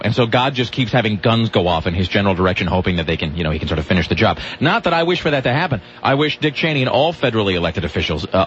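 Male radio host, lively rambling banter, muffled lo-fi broadcast, faint hum. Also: fairly low pitch. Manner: rambling, animated storytelling. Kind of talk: casual radio chat.

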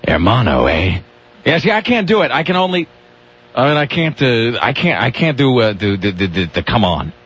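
A man's voice: medium pitch, big pitch swings, moderate pace, fairly bright tone, breathy edge. A man hosting a radio show, talking in a rambling way with restarts and grumpy rants. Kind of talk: casual radio banter. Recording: dull lo-fi radio broadcast.

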